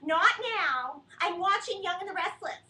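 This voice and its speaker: A woman's voice: very high-pitched, sharp tone, full character voice. A woman voicing her own meddling, blunt older mother, firing off suspicious questions. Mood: curt. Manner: rapid-fire suspicious questioning. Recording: roomy sound from a distant webcam mic.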